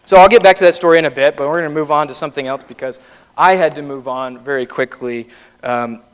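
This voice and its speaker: A man's voice: fairly high pitch, fast talker, smooth. A man in his thirties giving a keynote speech, telling personal stories in a conversational way. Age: 30s. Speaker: keynote speaker. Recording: long reverb of a large hall.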